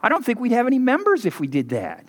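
A man preaching a sermon as pastor, telling folksy stories and leaping higher and louder for emphasis. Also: huge pitch swings, quick pace. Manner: folksy storytelling, swings loud and high for emphasis. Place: church sanctuary. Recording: preached in a hall with long reverb.

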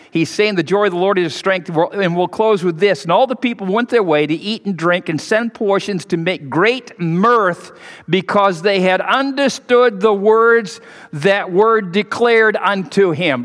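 A male pastor preaching a sermon, swinging between hushed low passages and loud raised peaks, with rhetorical questions, repetition and joking asides. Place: church sanctuary. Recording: long hall reverb.

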